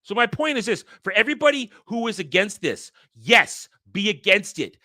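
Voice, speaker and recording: A man hosting a casual news commentary show, brushing off headlines with blunt, profane irritation. His voice sits fairly high and bright, with a forceful edge. The sound is dry and close, with no room in it. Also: very animated, moderate pace, dry recording. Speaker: host of a daily entertainment news commentary show.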